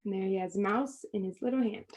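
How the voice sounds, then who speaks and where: A woman's voice: mid-range voice, a little hiss or hum. A woman reading a picture book aloud to children over a video call, acting out the lines and adding asides about the pictures. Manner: slow, expressive read-aloud with pointing asides. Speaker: storytime reader.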